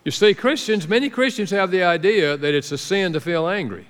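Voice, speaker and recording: Man preaching, middle-aged, slightly high voice, lively storytelling, long hall echo. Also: brisk. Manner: animated storytelling preacher, acting out quoted voices. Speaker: pastor. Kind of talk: sermon.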